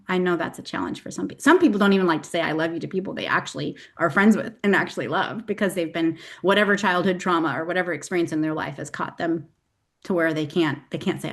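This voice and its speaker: A woman's voice: lowish voice, fast talker, gravelly. A middle-aged woman hosting a motivational talk, earnest and emotional as she tells stories to her listeners. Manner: earnest, emotional, animated storytelling. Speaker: host.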